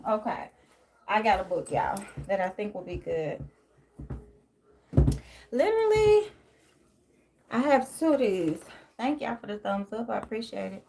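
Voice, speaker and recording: A woman's voice: medium pitch, a little hiss or hum. A woman hosting a casual live tarot stream from home. She rambles in a loose, down-to-earth way and greets her viewers by name. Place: home, near a closet.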